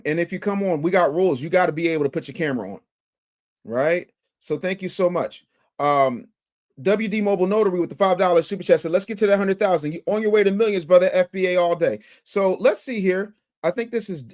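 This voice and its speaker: High-pitched guy hosting a livestream, hyped, reading out super chats. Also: fairly quick. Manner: energetic, reads super chats aloud. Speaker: livestream host. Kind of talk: live-stream commentary.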